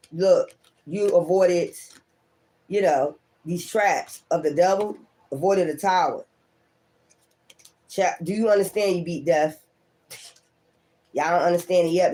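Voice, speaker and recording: A woman's voice: lowish voice, warm tone. A woman reads tarot cards for her viewers in a loose, unscripted way. She swears freely, stresses her points hard and breaks into laughter often. She speaks right to the people watching. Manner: profane, emphatic, laughs often; talks straight to the audience. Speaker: tarot reader. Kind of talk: casual tarot reading to viewers.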